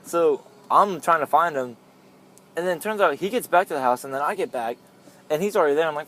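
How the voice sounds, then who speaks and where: A man's voice: a little high, brisk, a bit bright, slight background noise. A young man telling a story among friends in a casual chat, rambling with lots of "like" and laughing often.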